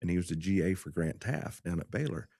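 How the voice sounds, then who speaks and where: A man's voice: deep voice, lively intonation, fairly quick, creaky, a little mellow, breathy edge, no echo, clean studio sound. A man in his sixties, a former attorney turned teacher, chatting as a podcast guest and telling stories with frequent laughs. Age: 60s. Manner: chatty storyteller who laughs often. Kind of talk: casual podcast conversation.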